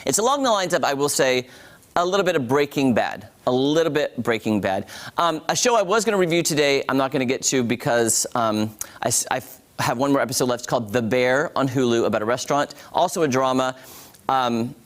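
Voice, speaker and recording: A man's voice: medium pitch, quick pace. A man reviewing TV shows on a morning show, chatty and talking straight to viewers. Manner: chatty, animated, addresses viewers as guys. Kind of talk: casual TV review.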